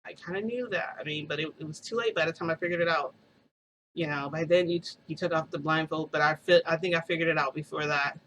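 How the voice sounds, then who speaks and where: A woman's voice: sits low, fast talker, fairly bright tone, slight background noise, low-quality recording. A young woman vlogger casually telling a story in a chatty, giggly way, full of quoted dialogue.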